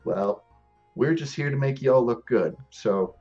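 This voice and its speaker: Folksy man smooth-talking in character. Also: mid-range voice, expressive, unhurried, darkish tone, highs cut off, faint music behind. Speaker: player. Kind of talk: in-character role-play.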